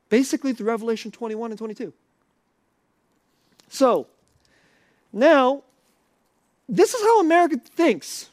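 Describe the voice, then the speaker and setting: A man's voice: very high voice, no room sound. Guy preaching, chatty, keeps asking the crowd questions, dry close sound. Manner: conversational, asks the audience questions. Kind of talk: sermon.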